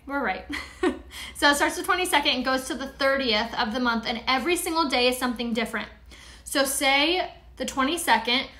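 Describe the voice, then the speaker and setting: Brief: chatty woman from San Diego, slightly high, bright voice, hosting a casual live makeup tutorial with rambling asides. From San Diego, California. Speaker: beauty product seller and live-streamer.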